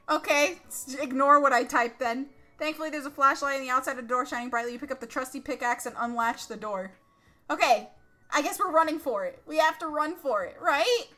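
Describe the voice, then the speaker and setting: A woman streamer playing a text adventure game live, reading it out and reacting in an excitable, dramatic way with lots of swearing. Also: high-pitched.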